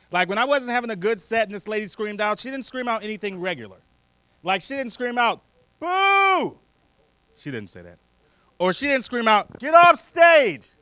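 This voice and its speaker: A man doing a stand-up comedy set, animated and full of voices, on a handheld stage mic. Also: high-pitched, no echo. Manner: animated, lots of character voices.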